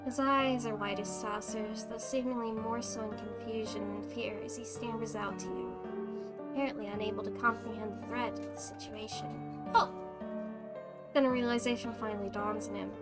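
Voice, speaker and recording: A woman's voice: fairly high pitch, flat delivery, fairly quick, over loud music. A woman streamer reading a visual novel aloud, narrating unhurriedly with casual asides.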